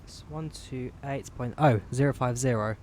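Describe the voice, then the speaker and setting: A man from the UK giving relaxed, chatty commentary while flying a flight simulator, explaining each menu as he clicks through it on a headset mic. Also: mid-range voice, normal speed, slight background noise. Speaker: flight sim streamer. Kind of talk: casual gameplay commentary.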